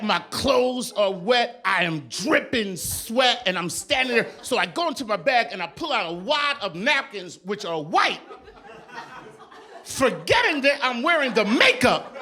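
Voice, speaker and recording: A man doing a stand-up comedy set on a club stage, telling a story with lively delivery and mimicking the voices and accents of other people. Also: sits high. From New York.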